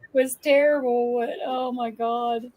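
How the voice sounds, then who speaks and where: An older woman, a grandmother, telling lively farm stories in casual chat and laughing often. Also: on the high side, measured pace, low-quality recording. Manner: animated storyteller, laughs often. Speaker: guest.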